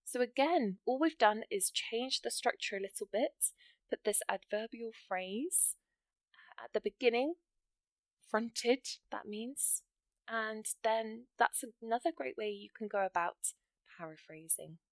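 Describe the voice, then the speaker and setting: A woman's voice: on the high side, expressive, a little slow, dry recording. Woman english teacher going thru example sentences, dry close sound, encouraging. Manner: encouraging, talks through examples step by step. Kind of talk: explaining writing exam grammar.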